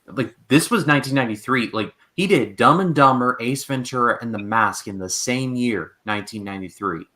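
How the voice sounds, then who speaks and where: A man co-hosting a casual movie review chat, adding facts in a measured way. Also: mid-range voice, pushed and bright. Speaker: podcast co-host.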